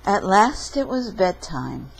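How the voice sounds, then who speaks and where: A woman reading a children's picture book aloud at a storytime, slow and expressive. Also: medium pitch, gravelly, rough recording. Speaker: storytime reader.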